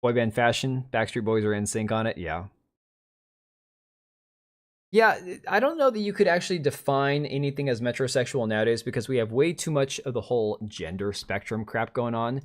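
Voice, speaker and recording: A man in his thirties hosting a casual livestream from a home setup with a desk mic. He rambles and opinionates bluntly, restarting sentences and answering the chat, at an ordinary mid pitch. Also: big pitch swings, moderate pace. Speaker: livestream host.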